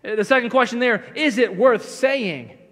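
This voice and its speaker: Male pastor, middle-aged, high pitch, chatty self-deprecating sermon, church reverb. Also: normal speed, fairly bright tone. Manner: conversational, self-deprecating storytelling. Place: church sanctuary. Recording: long church hall reverb.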